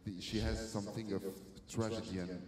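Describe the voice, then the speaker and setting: A man whose first language is French, speaking English haltingly with many restarts as he answers interview questions about casting a film. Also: fairly low pitch, fairly even intonation, a little mellow, a little hiss or hum. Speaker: film director. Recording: echoey hall with long reverb.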